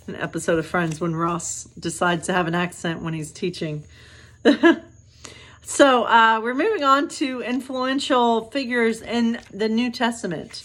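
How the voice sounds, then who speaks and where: A woman's voice: a little high, a little slow, fairly bright tone. Chatty woman pastor reading bedtime stories. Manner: chatty, self-deprecating asides between reading.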